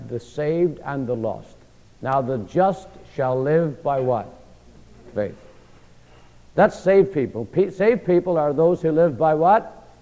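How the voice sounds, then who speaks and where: A man's voice: fairly high pitch, mellow. A man teaching a Bible study as a sermon. He poses questions to his listeners, answers them himself, and repeats key phrases with a falling, emphatic finish. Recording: lo-fi recording with long hall reverb.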